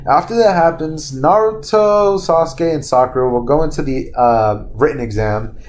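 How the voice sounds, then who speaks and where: A man's voice: on the high side, normal speed, a little mellow, a little hiss or hum. A young man casually retelling a made-up fan story, rambling, stopping to recall names and correcting himself, swearing freely. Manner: laughs at his own slips, swears casually.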